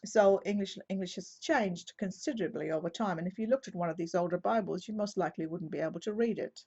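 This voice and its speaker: A woman Bible teacher giving an explanatory teaching talk, methodical and measured, now and then correcting herself mid-sentence, on a slightly dull lo-fi recording. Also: fairly low pitch, mellow, breathy edge.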